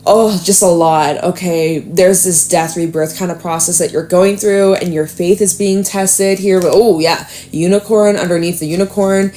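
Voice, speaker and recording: A young woman with a fairly low voice talks through a tarot reading in a relaxed, chatty way. She uses lots of fillers and now and then breaks into high, dramatic little impressions. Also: normal speed, few pauses, a little hiss or hum. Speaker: tarot reader. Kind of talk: casual tarot reading monologue.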